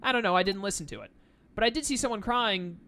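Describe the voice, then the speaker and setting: A man's voice: high voice, quick pace, sharp tone, slight background noise. A man giving casual, jokey commentary while playing a video game. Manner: laid-back, jokey, says "dude". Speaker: let's-play gamer. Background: faint game music.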